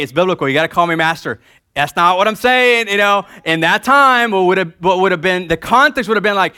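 A male pastor preaching a sermon, swinging between loud emphasis and quiet repetition and leading the congregation in call-and-response. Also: high voice, smooth, dry recording, studio quality.

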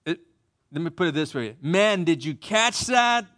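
A man preaching a sermon as pastor, reading scripture slowly and softly, then speaking up for lively asides. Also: fairly high pitch.

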